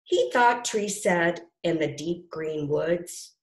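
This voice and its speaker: Slow, gentle woman reading a picture book. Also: on the low side, expressive. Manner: gentle, rhyming read-aloud with asides to children. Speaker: storybook reader. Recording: roomy echo.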